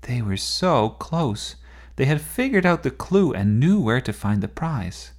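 A man reading a children's story aloud in an unhurried, expressive way. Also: mid-range voice.

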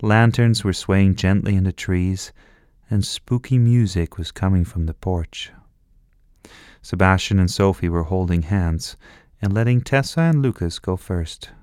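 Slow, deep-voiced male story narrator. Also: darkish tone, clear, resonant tone, no echo, clean studio sound. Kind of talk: children's story reading.

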